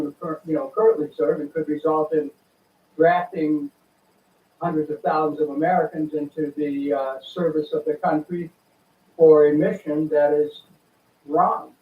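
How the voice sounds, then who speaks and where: A man's voice: fairly high pitch, steady tone. Earnest older man on a tinny line. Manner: deliberate, earnest, with many pauses and uhs. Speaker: guest, former congressman. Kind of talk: political interview. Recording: tinny phone-like line, echoey room, from far off.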